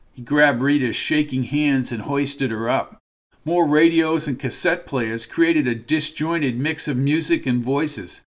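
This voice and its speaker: A man giving scripted narration of a horror story in a steady, measured way. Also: medium pitch.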